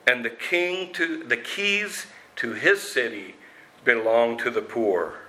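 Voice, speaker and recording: A man voicing a wise old king in a rich baritone, speaking slowly and solemnly. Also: lively intonation, sharp tone, low-quality recording. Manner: slow and solemn.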